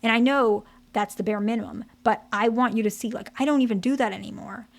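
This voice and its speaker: This is a husband caught out after yelling at his wife, first brushing it off and then owning it in plain words. A woman quotes him in her own, slightly high voice. He sounds like an ordinary man, not a performance. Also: steady tone, brisk, creaky. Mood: seeking praise. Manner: defensive then apologetic, plain speech. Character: remorseful husband who yelled, grown man.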